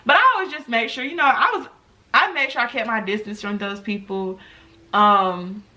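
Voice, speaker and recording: Animated bright-voiced young woman storyteller. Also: on the high side, moderate pace. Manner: animated, chatty, addresses viewers directly. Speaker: vlogger. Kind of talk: storytime vlog.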